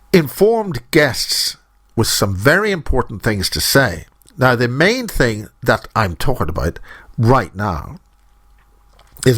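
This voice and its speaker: A man's voice: mid-range voice, fairly bright tone, no echo. A middle-aged man hosting a radio show in a studio, rambling and joking as he drifts from topic to topic, close to the microphone. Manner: jokey, digressive, self-interrupting. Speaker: radio host.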